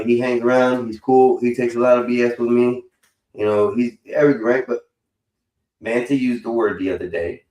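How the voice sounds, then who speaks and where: A man's voice: mid-range voice, darkish tone, roomy sound, low-quality recording. A man hosting a live stream in casual chat, rambling and slangy, swearing freely and calling people bro. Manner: rambling, slangy and profane, says bro a lot. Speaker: streamer host.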